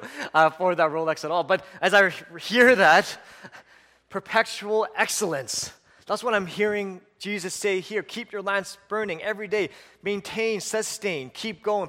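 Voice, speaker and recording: A man's voice: sits high, fairly bright tone, in a large hall. A male pastor preaching a sermon, emphatic, building on repeated lists and breaking into chuckles.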